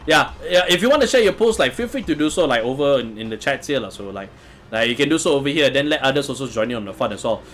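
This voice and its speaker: A man's voice: mid-range voice, animated, fast talker, fairly bright tone, a little hiss or hum. A man hosting a casual live stream, answering viewer comments in a chatty way and chuckling often. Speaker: livestream host reading chat.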